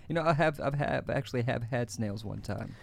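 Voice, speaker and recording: A man's voice: mid-range voice, moderate pace, vocal fry. Laughing, stammering podcast co-host man. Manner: laughs often, stammers and repeats words. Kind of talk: casual chat.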